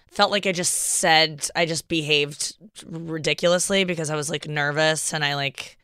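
A woman's voice: fairly low pitch, pushed and bright, smooth, no echo. A woman hosting a podcast, telling candid, rambling stories with many restarts. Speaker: podcast host. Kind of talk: casual chat.

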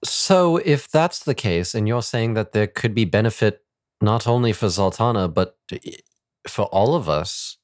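A man playing in a tabletop game, asking halting questions. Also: fairly low pitch, expressive, dry recording, studio quality. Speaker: player.

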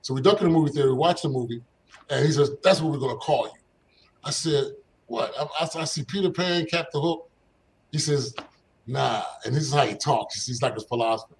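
A man's voice: fairly high pitch, fast talker, slight background noise, low-quality recording. An older man from Philadelphia, a former basketball player, telling stories from his youth as an interview guest, acting out the voices of the people in them. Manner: animated storyteller, acts out quoted voices, laughs often. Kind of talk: casual storytelling.

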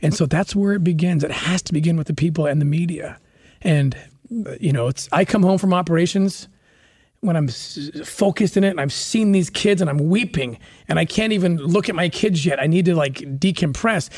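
A man's voice: fairly high pitch, a little fast, darkish tone, breathy edge. A man speaking as a podcast guest, telling a story in an earnest, passionate way with frequent restarts. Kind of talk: conversational interview storytelling.

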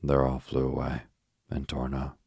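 A man's voice: very deep voice, monotone, a little slow, vocal fry, warm tone, husky, no room sound, clean studio sound, exaggerated voice. A man reading as a blunt, scornful young boy.

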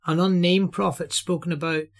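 A man teaches from the Bible in an earnest, sermon-like way. His voice sits high for a man, and he explains each point with steady emphasis. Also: moderate pace.

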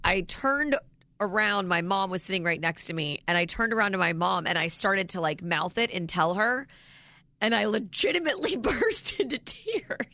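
A woman's voice: mid-range voice, lively intonation, moderate pace, pushed and bright, no echo, studio quality. A woman co-hosting a morning radio show, chatting and laughing with big swings in her voice. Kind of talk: casual morning radio banter.

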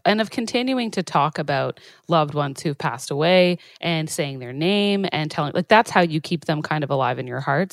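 A woman's voice: deep voice, no echo. A woman co-host of a podcast in casual, reflective conversation. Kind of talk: casual chat.

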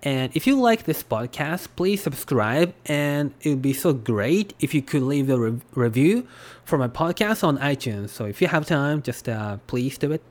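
A man's voice: medium pitch, expressive, normal speed. A Japanese man with a Japanese accent hosting a podcast, talking in a loose, rambling way with lots of fillers. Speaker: podcast host. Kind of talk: casual podcast talk.

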